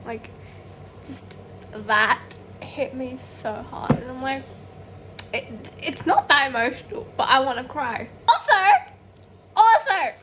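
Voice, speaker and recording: A woman's voice: high voice, slight background noise. Gushing young woman book vlogger. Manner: gushing, excitable, swears freely. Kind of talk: casual reading vlog.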